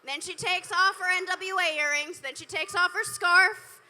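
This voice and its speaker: A woman's voice: very high voice, steady tone, normal speed, pushed and bright. A woman doing a live stand-up set on a club stage into a handheld mic, telling stories with dry, profane asides to the crowd. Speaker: stand-up comedian. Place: comedy club stage, indoors.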